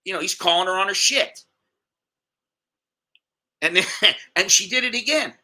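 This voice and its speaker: A middle-aged American man talks his way through a long story, circling back and stumbling over repeated words. His voice is very bright and sits a little high for a man. He slips into quick impressions of the people he describes. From United States. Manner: rambling, repeats words, acts out quoted voices. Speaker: expat vlogger. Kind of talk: casual storytelling monologue.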